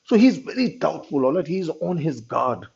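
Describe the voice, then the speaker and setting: Man, teacher, husky voice, dull lo-fi recording, explaining a story, checks in with "all right?". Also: a little high, big pitch swings, moderate pace, a little mellow. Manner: retells the story in his own words with frequent "all right?" checks.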